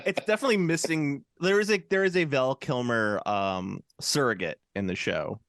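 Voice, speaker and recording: A middle-aged man co-hosting a podcast in casual chat, rambling with lots of fillers and slipping into quick impressions. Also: mid-range voice, fairly bright tone, no echo, clean studio sound. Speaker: podcast co-host. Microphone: podcast microphone.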